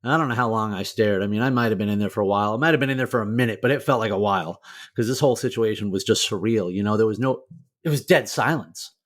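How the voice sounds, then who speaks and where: A man's voice: on the low side, fast. A middle-aged man, a motivational speaker, telling his own hard story as an interview guest, candid and emotional, swearing freely and filling with "like". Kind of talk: personal storytelling in a podcast interview.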